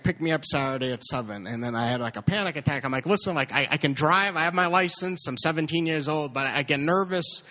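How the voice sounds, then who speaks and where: A man telling a personal story live, stammering and repeating words, with lively impressions of others. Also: mid-range voice.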